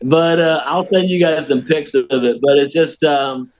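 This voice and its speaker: An American man, a podcast guest, telling a story in a folksy, animated way. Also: on the high side, measured pace, muffled recording. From United States. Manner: animated storyteller, folksy, laughs at his own tale. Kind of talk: casual storytelling.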